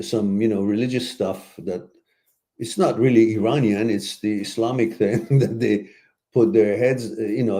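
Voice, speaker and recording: Emphatic man giving blunt relationship advice. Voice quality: animated, emphatic, swings high when exclaiming. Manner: blunt and preachy, mixes in laughter and asides. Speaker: host answering viewer questions. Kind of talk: live stream Q&A, casual advice.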